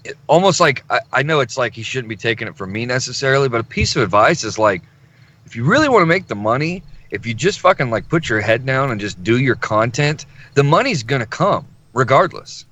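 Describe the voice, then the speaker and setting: A man co-hosting a podcast in casual chat, animated and emphatic, swearing freely. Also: mid-range voice, a little fast. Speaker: podcast co-host.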